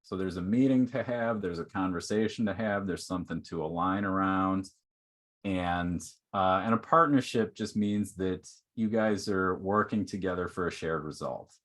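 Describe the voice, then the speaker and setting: A man's voice: low-pitched, normal speed, a bit bright. A man presenting a workshop in an online teaching talk, speaking conversationally with many "like"s and "okay"s.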